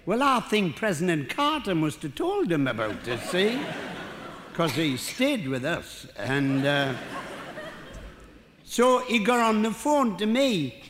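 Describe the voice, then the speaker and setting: A man's voice: high-pitched, big pitch swings, takes it slowly, background noise. An older man with a Geordie accent doing a rambling, self-mocking stand-up routine and bantering with the audience. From North East England. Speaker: stand-up comedian. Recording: live hall with faint crowd ambience.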